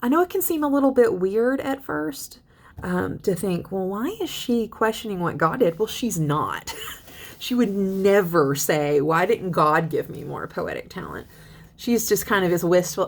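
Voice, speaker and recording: A young woman teaching a literature lesson in a chatty, lively way, reading poems aloud and paraphrasing them. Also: medium pitch, a little slow. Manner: chatty, animated paraphrasing with laughs. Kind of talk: casual lecture with poem readings.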